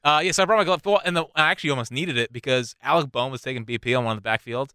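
A man's voice: medium pitch, rapid-fire, sharp tone, clear, resonant tone, no echo, clean studio sound. A young man co-hosting a podcast, telling a rambling story in casual chat with frequent laughs. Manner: rambling, restarts, laughs often. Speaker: podcast co-host.

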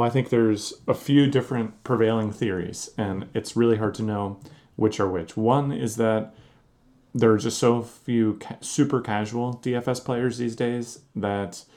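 A man co-hosting a sports podcast, explaining his views in a measured, casual way. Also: lowish voice, fairly even intonation, a little mellow. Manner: measured, explanatory, thinks aloud with fillers. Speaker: podcast co-host.

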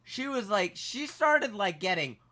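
A man co-hosting a podcast, telling a story in a casual, animated, self-mocking way. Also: high-pitched, measured pace. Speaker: podcast co-host.

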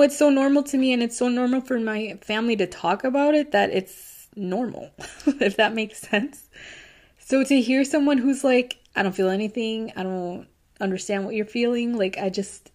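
A woman's voice: on the high side, a little mellow. A woman hosts a podcast and reads listener stories in a loose, casual chat. She laughs easily, and she turns tearful over the sad parts. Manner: emotional, laughs often, tearful at times.

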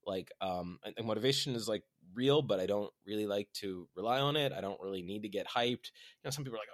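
Man, lowish voice, rapid rambling podcast chat, dry close mic. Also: animated, dry recording. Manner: rambling, with many "right?" and "like" fillers; acts out quoted voices with big pitch jumps. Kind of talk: casual chat.

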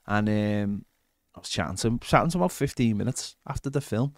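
A man's voice: lowish voice, expressive, fast, dry recording, clean studio sound. Man telling rambling stories. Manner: rambling anecdotes with acted quotes. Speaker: podcast co-host. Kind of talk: casual storytelling chat.

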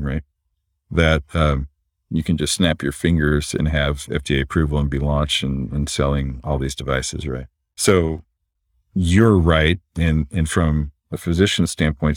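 A man, a physician and entrepreneur, explaining things in a relaxed conversational way and often tagging his points with "right?". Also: very deep voice, no room sound, clean studio sound. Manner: relaxed, explanatory, frequent "right?" tag questions.

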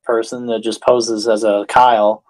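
A man's voice: on the low side, flat delivery, normal speed, a little mellow. A young man co-hosting a casual podcast, bantering playfully and laughing. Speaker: podcast co-host. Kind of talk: casual chat.

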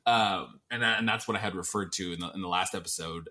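A man's voice: on the low side, fast talker, few pauses, bright, forceful tone. A man co-hosting a podcast in casual chat, rambling with lots of fillers and sounding exasperated. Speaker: podcast co-host.

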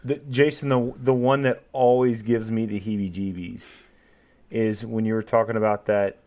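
A man's voice: on the low side, level tone, normal speed, a little mellow. A man chatting earnestly on a podcast about a story that stuck with him. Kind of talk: casual podcast chat.

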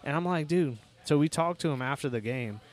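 A man's voice: on the high side, expressive, brisk, faint music behind. A man tells stories about his kids on a casual podcast. He swears freely and keeps things loose and joking. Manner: profane storytelling, loose and joking. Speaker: podcast host, father.

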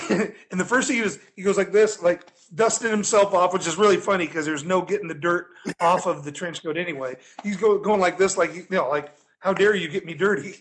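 A man telling a rambling, animated story in casual podcast chat, laughing often as he goes. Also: sits high, a little fast, slight background noise.

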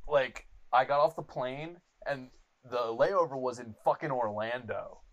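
A young adult man hosting a podcast, telling a rambling, animated story full of swearing and fillers like "like.". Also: mid-range voice, a little slow, muffled recording. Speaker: podcast host. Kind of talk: casual storytelling chat.

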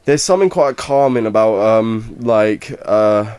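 A man's voice: fairly low pitch, expressive, a little slow, a little mellow, clean tone, dry recording. A young man from England with an English accent, chatting casually as a podcast guest, rambling with lots of fillers and restarts. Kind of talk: casual chat.

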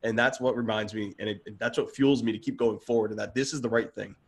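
A man as a podcast guest in a casual interview, speaking earnestly and heartfelt, excitable and open. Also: on the low side, quick pace, gravelly.

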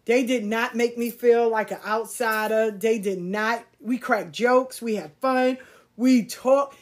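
A middle-aged woman telling a personal story, candid and animated, swearing casually and using slang. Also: on the high side. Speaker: podcast host.

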